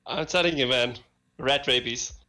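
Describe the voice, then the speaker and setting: A man playing in a tabletop game, eager and agreeable, quick with jokes. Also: mid-range voice, sharp tone. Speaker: player. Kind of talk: casual tabletop session talk.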